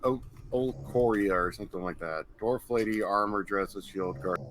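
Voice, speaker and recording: Man, player, low voice, joking asides. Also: normal speed, slight background noise. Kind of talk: casual tabletop game play.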